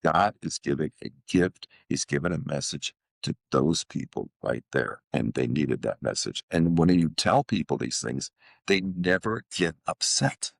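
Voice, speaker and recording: A man in his seventies with an extremely deep, gravelly voice tells rambling stories as an interview guest. He keeps restarting his sentences and acts out the dialogue he quotes. The sound is close and dry. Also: animated, unhurried, dry recording. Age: 70s. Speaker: guest, author and motivational speaker. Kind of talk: casual storytelling interview.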